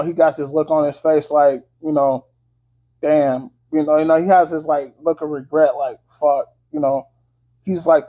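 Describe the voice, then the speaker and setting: Male vlogger, higher pitch, casual profane movie recap, filler-heavy, muffled lo-fi sound. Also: mellow. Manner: loose, slangy, full of fillers and swearing. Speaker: movie reviewer. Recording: dull lo-fi audio.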